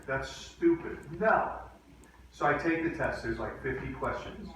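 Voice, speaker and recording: A man teaching a class, telling a story and acting out the quotes in lively voices. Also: on the high side, unhurried, a little hiss or hum. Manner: animated, acts out quotes in voices. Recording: echoey classroom from far off.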